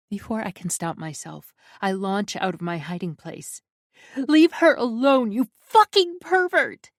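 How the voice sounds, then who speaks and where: A woman narrating a first-person romance audiobook in an intimate, unhurried storytelling manner. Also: fairly low pitch, darkish tone, no room sound, studio quality.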